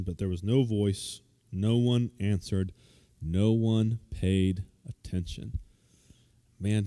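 Mellow-voiced pastor preaching a casual sermon. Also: male voice, on the low side, no room sound, clean studio sound. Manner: informal, with frequent restarts and fillers; grows lively and loud when retelling a story. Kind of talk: conversational sermon. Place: church service.

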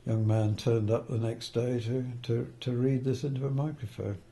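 A man's voice: mid-range voice, steady tone, normal speed, warm tone. An older man, a film editor, telling anecdotes in an interview, hesitant with fillers and restarts and the odd chuckle.

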